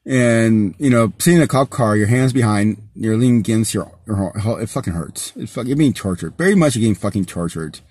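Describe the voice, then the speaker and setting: A man's voice: fairly low pitch, expressive, brisk, few pauses, a little mellow, husky, no room sound. A man telling a personal story in a casual vlog, rambling with many fillers and restarts, often breaking into angry, profane rants. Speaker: vlogger.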